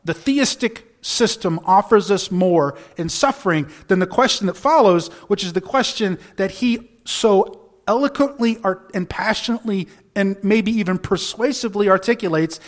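A male pastor delivers a sermon in a notably high voice. He is earnest and argumentative, pressing rhetorical questions and often restarting his words mid-thought. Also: normal speed.

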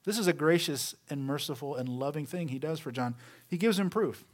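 Here a male preacher talks through his sermon conversationally, throwing out rhetorical questions and easing his voice down at phrase endings. He's fairly high-pitched, expressive, and slightly fast.

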